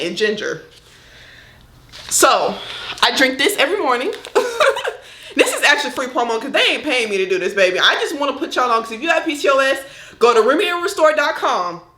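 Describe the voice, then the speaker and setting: A woman's voice: a little high, bright, forceful tone, reverberant. A young adult woman talking frankly and chattily to her viewers in a personal vlog. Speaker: vlogger.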